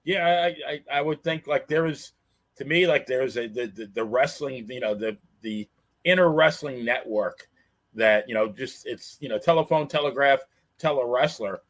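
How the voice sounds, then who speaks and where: A man co-hosting a podcast, recounting wrestling history in a halting, filler-heavy way. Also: mid-range voice, a bit bright. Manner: halting, lots of fillers and restarts. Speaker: podcast co-host. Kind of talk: casual chat.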